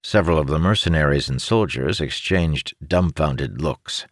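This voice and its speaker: A man narrating a fantasy audiobook in a measured, expressive storytelling manner. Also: very deep voice, no echo, clean studio sound.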